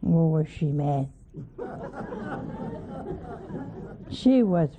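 A woman's voice: medium pitch, slow, creaky, crowd noise. A woman giving a conversational sermon who keeps asking her listeners questions and teases them with dry humor. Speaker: religious teacher. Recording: narrow phone-like sound.

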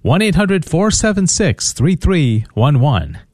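Halting man pleading for radio pledges. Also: fairly high pitch, very animated, darkish tone, no echo. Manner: halting, repeats words, earnest pleading. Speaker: radio fundraiser co-host. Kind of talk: radio pledge drive chat.

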